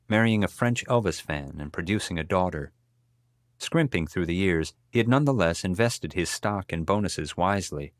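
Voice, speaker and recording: A man narrating a biography audiobook in a measured, steady storytelling manner, recorded close in a studio. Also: low-pitched, no room sound. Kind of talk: scripted narration.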